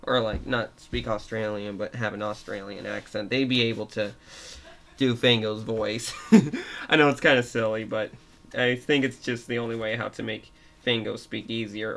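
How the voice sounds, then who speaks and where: A young man retelling a made-up story off the cuff, halting and giggly, with many restarts. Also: fairly low pitch, creaky, bright, forceful tone.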